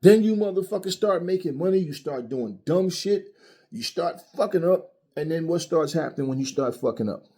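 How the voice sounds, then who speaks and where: Angry, husky-voiced man ranting. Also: a little high, animated, moderate pace, dark tone. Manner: angry, profane, mocking. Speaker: boxing commentary channel host. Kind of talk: heated opinion rant.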